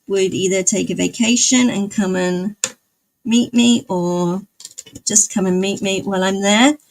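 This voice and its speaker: A woman's voice: medium pitch, vocal fry. A woman live streamer chatting casually with her viewers, rambling and often laughing. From outside the United States.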